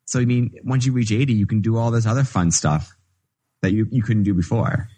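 A man's voice: on the low side, brisk, breathy edge. A man co-hosting a gaming podcast, chatting casually and joking around. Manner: animated, joking. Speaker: podcast co-host.

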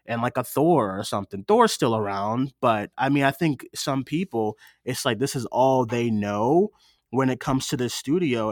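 A man's voice: medium pitch, no room sound, clean studio sound. A young man co-hosting a casual film podcast, telling stories and acting out what others said. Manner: animated storyteller, acts out quotes of others. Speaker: podcast co-host. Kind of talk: casual chat.

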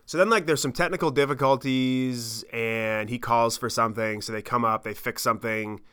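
A man in his thirties telling a travel story on his podcast, animated and rambling, with lots of swearing and fillers. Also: mid-range voice, normal speed, clear, resonant tone. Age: 30s. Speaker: podcast host. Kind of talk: casual storytelling monologue.

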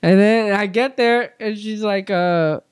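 A young man telling a story in casual chat, animated, swearing freely and acting out what people said. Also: high-pitched, a little slow, smooth, no room sound, clean studio sound. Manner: animated, swears a lot, says bro and dude, acts out quotes.

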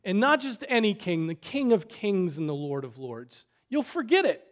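A man preaching a sermon, earnest, swinging between loud exhortation and soft, quiet asides. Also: high-pitched, very animated, moderate pace. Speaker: pastor.

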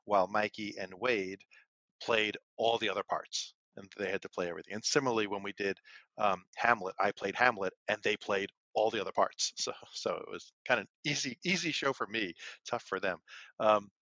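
Low-voiced man telling a rambling story. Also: moderate pace, bright, forceful tone, dry recording. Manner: rambling, with frequent fillers. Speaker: podcast co-host. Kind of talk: casual chat and storytelling. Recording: dull, lo-fi and dry.

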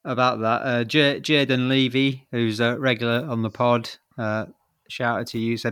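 A man's voice: medium pitch, level tone, normal speed, fairly bright tone, clear, resonant tone, dry recording, studio quality. A man hosting a casual football chat podcast, laughing often and keeping things loose. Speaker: podcast host.

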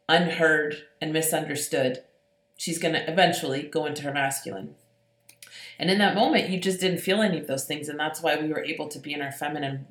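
A woman's voice: low voice, echoey room. A woman telling a personal story in a casual, emphatic way, full of "like" fillers and the odd swear word.

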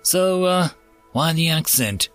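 Man voicing dying man, wry, defiant, sarcastic, lively questioning tone. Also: takes it slowly, faint music behind. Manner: sarcastic, questioning, a bit higher than narration.

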